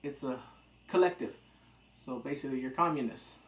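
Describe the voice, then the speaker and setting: In a loose, joking review of a TV episode, a man rambles and acts out lines from the show. He speaks at medium pitch and a moderate pace, in a recording with a roomy echo.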